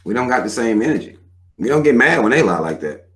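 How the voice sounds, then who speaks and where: A man's voice: mid-range voice, big pitch swings, fast talker. A man in his thirties hosting a live show, ranting bluntly and with plenty of profanity. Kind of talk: livestream rant.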